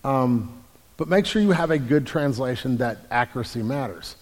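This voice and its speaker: Male pastor, mid pitch, explanatory Q&A, lots of restarts, reverberant hall sound. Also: lively intonation, normal speed, a little mellow. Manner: explanatory, repeats words when restarting. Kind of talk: Q&A about the Bible.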